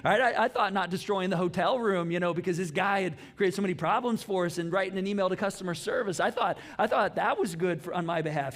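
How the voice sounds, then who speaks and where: A middle-aged man preaching a sermon, telling a story with lively acted-out dialogue in a church auditorium. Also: sits high, quick pace, hardly any pauses. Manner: animated storytelling, acts out dialogue. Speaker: pastor. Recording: long hall reverb.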